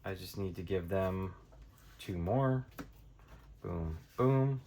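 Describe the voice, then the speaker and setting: Deep-voiced man talking through a card game. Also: a little slow. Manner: thinking aloud, counting cards out loud. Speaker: board game reviewer. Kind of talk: casual tabletop playthrough tutorial.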